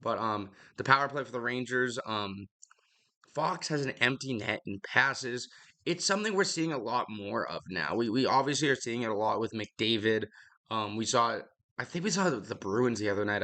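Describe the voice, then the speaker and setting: A man's voice: mid-range voice, lively intonation, a little fast, bright, forceful tone. A young man hosting a podcast, rambling bluntly through casual hockey commentary, out of breath and swearing freely. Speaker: podcast host.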